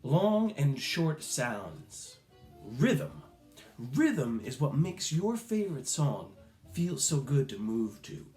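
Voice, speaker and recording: A man teaching a recorded music lesson to children, slow, patient and encouraging, sometimes making playful animal sounds. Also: mid-range voice, sing-song, darkish tone, roomy sound.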